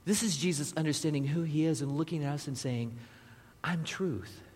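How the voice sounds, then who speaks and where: A man preaches in a casual, talk-to-the-room way, pausing to put questions and asides straight to his congregation. His voice is a little husky. The sound carries the long echo of a large church sanctuary. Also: on the high side, a little mellow. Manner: conversational preaching with asides to the audience. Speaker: pastor. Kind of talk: sermon. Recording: long reverb of a large hall.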